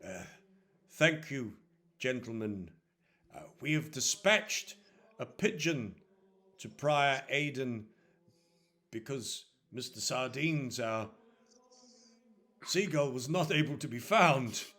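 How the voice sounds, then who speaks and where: A man voicing a stern, solemn older male churchman who speaks slowly and formally. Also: medium pitch, expressive, fairly bright tone. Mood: gracious. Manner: slow, grave, formal pronouncements.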